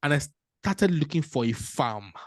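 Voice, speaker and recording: Animated man telling a story. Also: fairly high pitch, moderate pace, no room sound, clean studio sound. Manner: animated, laughs often, acts out dialogue. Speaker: panel speaker. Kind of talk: motivational storytelling talk.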